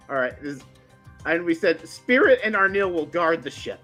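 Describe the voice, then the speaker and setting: Bright voice, swoopy and animated, teasing the table during a tabletop game. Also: medium pitch, slow, faint music behind. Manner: animated, restarts often, teasing. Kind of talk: casual tabletop game chat.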